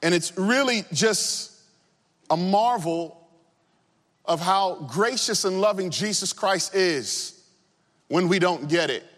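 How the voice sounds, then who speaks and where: A male pastor delivers an impassioned sermon, his fairly high voice swooping up and down with lively range. He sinks low for weight, then lifts again. The sound carries the long reverb of a church hall. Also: takes it slowly, pauses often. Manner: impassioned preaching with swooping pitch, drops low for emphasis.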